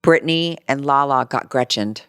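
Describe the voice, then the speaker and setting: A woman co-hosting a podcast in casual chat, reacting quickly and getting excited as she agrees. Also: a bass voice, smooth, dry recording, clean studio sound. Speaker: podcast co-host.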